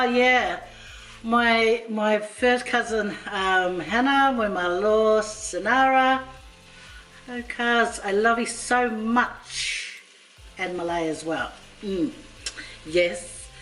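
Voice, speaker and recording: A woman vlogger cooking in her home kitchen, chatting playfully and joking with her viewers as she goes. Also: on the low side. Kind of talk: casual cooking vlog chat. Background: faint background music.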